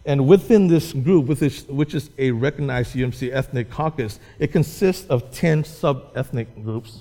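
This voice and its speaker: A man's voice: medium pitch, normal speed, warm tone. Man speaking in an echoing hall. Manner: repeats and restarts words, explains patiently. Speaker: Hmong pastor speaking to a church. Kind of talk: informal church talk. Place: church hall. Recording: long echo of a large hall.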